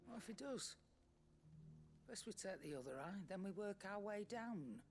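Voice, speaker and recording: A woman's voice: medium pitch, expressive, moderate pace, darkish tone, lightly acted. An actress playing a shrewd, vengeful older woman trader with a Scouse accent, speaking bluntly with dry humour. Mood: wry. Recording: game audio with faint ambience.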